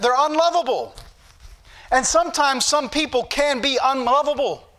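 A male preacher with a Southern US accent, reading scripture slowly and preaching with emphatic repetition to a church congregation. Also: very high-pitched, sharp tone. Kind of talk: sermon.

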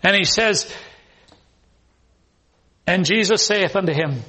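Male preacher, high voice, emphatic verse-by-verse sermon. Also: takes it slowly, bright, forceful tone. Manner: emphatic, acts out scripture scenes. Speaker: pastor. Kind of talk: expository sermon reading scripture.

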